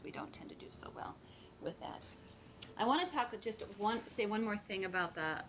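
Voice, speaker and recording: Bright, clear woman trainer, emphatic and plainspoken, lecturing with faint room noise behind her. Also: mid-range voice, rough recording. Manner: plain, emphatic, with vivid examples. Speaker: child mental health trainer.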